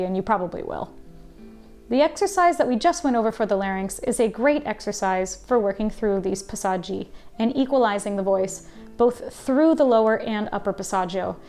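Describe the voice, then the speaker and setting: A woman voice teacher giving a scripted singing lesson, explaining clearly and now and then demonstrating sounds. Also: mid-range voice, darkish tone, roomy sound. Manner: clear instructive delivery with sung demonstrations.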